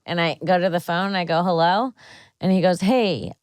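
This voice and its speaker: Woman comedy podcast host with a lowish voice, a lively storyteller who acts out each quote and swears freely, dry studio sound. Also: rapid-fire, smooth, dry recording. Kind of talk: casual chat.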